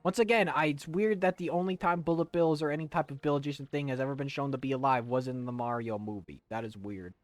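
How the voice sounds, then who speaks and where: A man's voice: medium pitch, steady tone, fast, hardly any pauses, no echo, faint music behind. Rambling jokey young male streamer. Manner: rambling and jokey, breaking into silly voices. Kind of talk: casual let's-play commentary.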